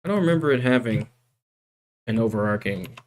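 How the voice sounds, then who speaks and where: A young man talks casually to his live-stream audience from his desk setup. He sounds exasperated and vents freely, peppering his talk with slang. His voice sits at an ordinary middle pitch for a man. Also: lively intonation, a little fast. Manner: exasperated, venting with slang like "dude" and "bro".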